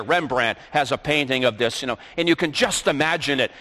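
A man's voice: a little high, sing-song, normal speed, sharp tone. A man preaching a sermon, reading scripture aloud and then explaining it. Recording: long reverb of a large hall.

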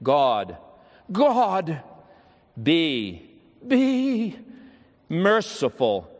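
A man's voice: high-pitched, sing-song, slow pace, pitched above the performer's own voice, heavily acted. A man voicing a dying young soldier, gasping and pleading with urgent earnestness, in a long-echoing hall.

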